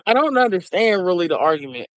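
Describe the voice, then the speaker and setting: A man's voice: high voice, big pitch swings, fast talker, a bit bright, no echo, poor audio. A middle-aged man talking in a casual, rambling monologue who laughs often. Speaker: vlogger.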